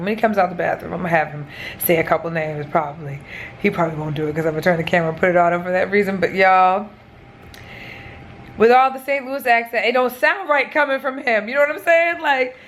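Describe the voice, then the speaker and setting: A young woman, pregnant, chats straight into the camera in a relaxed vlog. She is blunt and swears freely, with lots of fillers. Her voice sits at a middle pitch. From American Midwest. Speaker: vlogger. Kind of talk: casual chat to camera.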